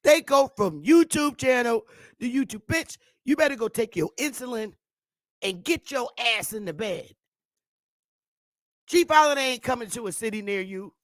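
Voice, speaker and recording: A woman's voice: a little high, animated, normal speed, no echo, clean studio sound. A woman vlogger delivering a profane, taunting ranting monologue and laughing often.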